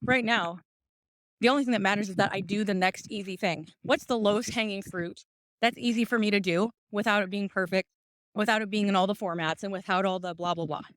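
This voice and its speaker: A woman's voice: medium pitch, a little fast, no room sound, clean studio sound. An out-of-breath woman hosting a podcast, chatting casually and encouragingly while walking outdoors, recorded on a phone. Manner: upbeat, encouraging. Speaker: podcast host. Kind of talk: casual stream-of-consciousness talk. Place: outdoors on a walk up a hill.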